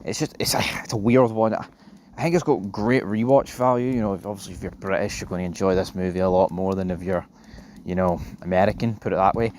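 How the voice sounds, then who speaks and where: A man's voice: low-pitched, fairly even intonation, fast talker, a little mellow, a little hiss or hum. A young man giving a casual, rambling film review, swearing and talking offhand. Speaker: movie reviewer.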